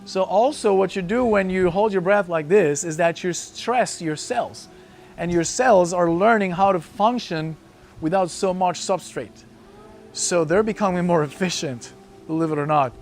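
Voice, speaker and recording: A man's voice: high-pitched, a little slow, creaky, slight background noise. A man coaching a breath-hold session, encouraging the group and calling out hold times.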